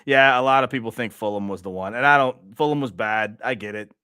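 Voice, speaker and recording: A man's voice: medium pitch, fairly quick, pushed and bright, clean tone, no echo, clean studio sound. A young man from Louisiana hosting a fan channel, venting in an exasperated, repetitive way about his football team. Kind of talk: frustrated football fan monologue.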